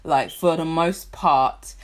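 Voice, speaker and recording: A woman's voice: sits low, slow. A young woman from London with a British accent talks casually to her camera while doing her makeup. She rambles and drifts into asides, and keeps checking in with "do you know what I mean". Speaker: vlogger.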